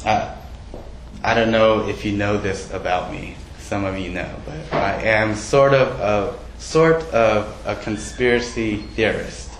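A man's voice: fairly low pitch, takes it slowly, echoey room, slight background noise, rough recording. A man preaching a sermon as pastor, in a conversational way, often putting questions to the congregation and poking fun at himself. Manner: conversational, self-deprecating, asks the congregation questions.

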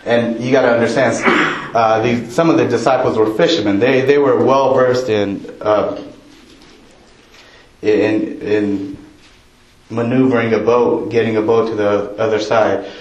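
A male preacher delivers a sermon in an easy, conversational way and keeps asking his congregation questions. He speaks at an unhurried pace. His voice carries the roomy echo of a church hall. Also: medium pitch, steady tone, a little mellow.

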